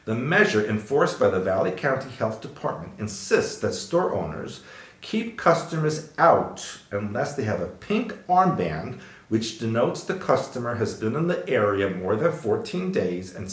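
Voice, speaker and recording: A man's voice: lowish voice, big pitch swings, normal speed. A man co-hosting a podcast, reading news items aloud and adding dry, joking asides. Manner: reads headlines aloud with wry asides. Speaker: podcast co-host. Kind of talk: casual news commentary. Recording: roomy echo.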